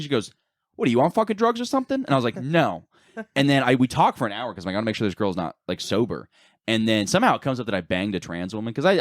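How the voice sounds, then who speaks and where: A man's voice: lowish voice, dry recording, clean studio sound. A young man telling crude stories on a podcast, swearing a lot, laughing and acting out what people said. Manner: fast, laughing, swears a lot, acts out quotes. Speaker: podcast guest. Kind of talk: casual crude storytelling.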